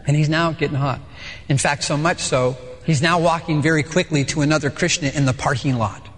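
Animated preacher with a bright, high voice. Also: male voice, fairly quick. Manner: dramatic, swings between playful story voices and intense preaching. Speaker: pastor. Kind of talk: sermon with acted-out storytelling. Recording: long reverb of a large hall.

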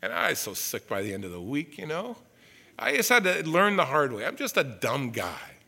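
A man preaching a sermon in church, animated, with conversational asides and acted-out quotes. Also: a little high, moderate pace, gravelly. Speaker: pastor.

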